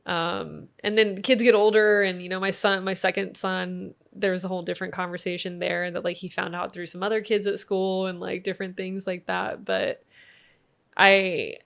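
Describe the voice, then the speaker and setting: A woman's voice: fairly low pitch, normal speed, gravelly, a bit bright. A woman in her thirties with an American accent, a podcast guest telling a family story in casual chat, acting out the quotes and laughing often. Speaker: podcast guest, tantra teacher.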